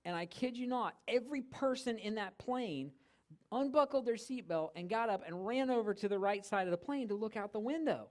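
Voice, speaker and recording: Animated man teaching in a church. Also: high voice, fairly quick. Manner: animated storytelling with humor. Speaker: guest teacher. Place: church hall.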